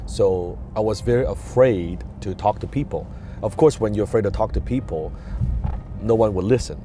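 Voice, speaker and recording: A man's voice: on the low side, normal speed, mellow, slight background noise. A man with a non-native English accent gives an emphatic motivational talk, repeating key words and asking rhetorical questions. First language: not English. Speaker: business and communication coach.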